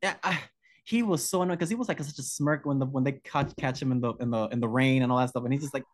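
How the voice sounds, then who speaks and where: A man's voice: medium pitch, quick pace. A male podcast co-host chatting about horror films, effusive and gushing, often breaking off mid-sentence.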